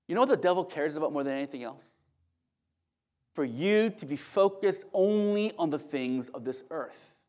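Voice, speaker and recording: Animated high-voiced male pastor. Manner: animated, conversational storytelling with asides. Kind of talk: sermon.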